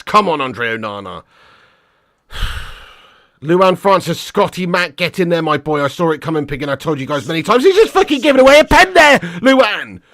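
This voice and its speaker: Male fan-streamer, high bright voice, dry close sound, swears freely and shouts at the ref. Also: dry recording. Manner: swears a lot, excitable, chats to viewers. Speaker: football watch-along host. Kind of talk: live match watch-along commentary.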